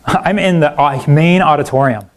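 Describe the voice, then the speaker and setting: Animated male professor telling stories. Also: fairly high pitch, measured pace, a little hiss or hum. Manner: animated storyteller, self-deprecating, frequent "right?" and "like". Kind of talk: public lecture with anecdotes. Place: university lecture hall.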